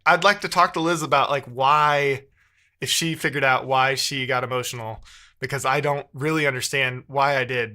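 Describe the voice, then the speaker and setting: A man's voice: fairly high pitch, sharp tone. A man chatting casually on a live stream while he codes, thinking aloud and muttering between bursts of talk to his chat, with keyboard typing behind him.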